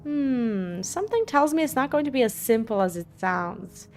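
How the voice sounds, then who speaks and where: A woman's voice: fairly high pitch, lively intonation, normal speed, a little mellow. A woman gaming streamer giving casual let's-play commentary, chatty and reactive, laughing often.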